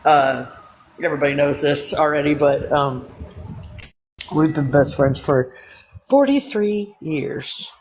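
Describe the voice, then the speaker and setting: A woman's voice: low-pitched, takes it slowly, long pauses, a little mellow. A tipsy woman hosts a casual livestream. She teases her friends, laughs often and chats loosely with her viewers. There's faint noise behind her. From East Texas. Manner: playful, laughing, teasing. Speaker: livestream host. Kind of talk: casual live-stream chat.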